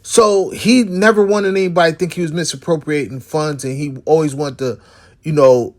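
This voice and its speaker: High-voiced man telling a rambling story. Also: steady tone, normal speed, darkish tone. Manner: rambling, with many restarts and "you know" fillers. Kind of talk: personal storytelling monologue.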